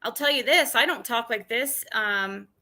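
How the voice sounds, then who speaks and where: Bright and forceful, sitting on the high side, this woman's voice leads a casual livestream. She's confrontational and direct, swears frequently, and her halting delivery is full of restarts.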